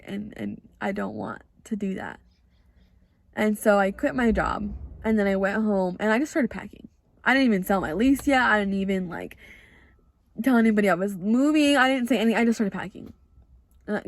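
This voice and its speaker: A woman's voice: mid-range voice, no echo. A young woman hosting her own podcast, telling a personal story in a confessional, casual way and often acting out her own past words. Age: young adult. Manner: chatty and confessional, heavy use of "like". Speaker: podcast host.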